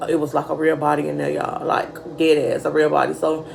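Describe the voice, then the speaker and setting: A young woman vlogger telling a casual storytime, animated and profane, calling her viewers y'all. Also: sits low, brisk, gravelly, slight background noise, rough recording.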